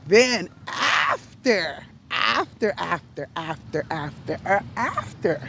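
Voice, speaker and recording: Slow, emphatic woman retelling a story. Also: fairly low pitch, sing-song, vocal fry, fairly bright tone, a little hiss or hum. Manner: deliberate, emphatic, with rhetorical questions. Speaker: storyteller recounting an event to viewers. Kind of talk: casual spoken retelling.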